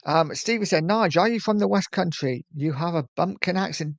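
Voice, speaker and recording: A friendly, chatty middle-aged man from England hosts a casual football live stream. His voice sits on the higher side and carries a slight lisp. The sound is dry and close. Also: moderate pace, vocal fry, no room sound. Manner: chatty, friendly, urges viewers to like and subscribe. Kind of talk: casual live-stream chat reading viewer comments.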